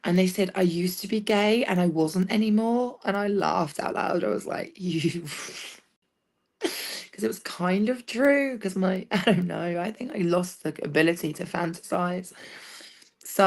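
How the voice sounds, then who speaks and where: Gravelly low-voiced woman. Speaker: livestreamer. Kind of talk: rambling personal monologue.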